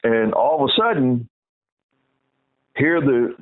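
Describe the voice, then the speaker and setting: A man's voice: mid-range voice, animated, slow pace. A middle-aged man tells a long story in casual talk. He rambles, restarts often and gets heated as he goes. His voice comes through a tinny, phone-like channel.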